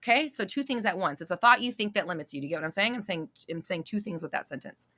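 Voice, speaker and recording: Blunt, bright-voiced woman coaching live. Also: mid-range voice, animated, fast. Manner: blunt, emphatic, repeats points, swears casually. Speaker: manifestation coach answering viewer questions. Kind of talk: live-stream Q&A.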